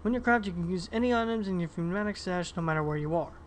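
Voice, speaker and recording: A man's voice: high voice, quick pace, a little hiss or hum. A man playing a game and chatting casually, reading in-game notes aloud and reacting to them. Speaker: let's-play gamer.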